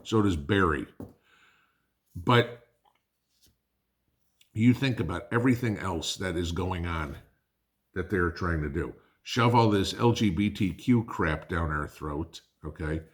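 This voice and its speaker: A man's voice: sits low, lively intonation, takes it slowly, long pauses. A man hosting a prepping channel, delivering an angry, blunt political rant to his viewers, swearing and calling them guys.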